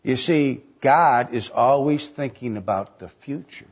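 A middle-aged man preaching a sermon in a conversational way, asking rhetorical questions and jumping up in pitch to stress a point. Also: unhurried, husky, muffled recording. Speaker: pastor.

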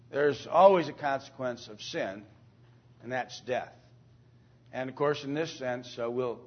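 A man teaching an informal Bible lesson to a class, speaking haltingly with many fillers, restarts and throat-clearing, and often asking the class questions. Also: mid-range voice. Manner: asks the class questions and calls on students. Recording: dull lo-fi recording.

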